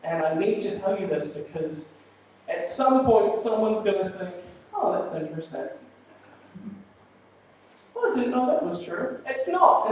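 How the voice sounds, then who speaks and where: Man doing deadpan stand-up in an echoey room. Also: sits high, a little hiss or hum. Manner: deadpan, rambling storytelling with filler words. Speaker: stand-up comedian. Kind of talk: live stand-up set. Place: small live venue with audience. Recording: rough, echoey room recording from a distance. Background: audience laughter.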